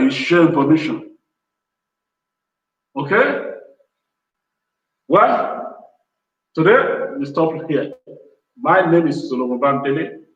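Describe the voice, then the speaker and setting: A fairly high-voiced man hosts a business show and urges his viewers on in a repetitive, pleading motivational talk. His voice sits back from the mic in a roomy space, and the sound is dull. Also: a bit bright, recorded from a distance.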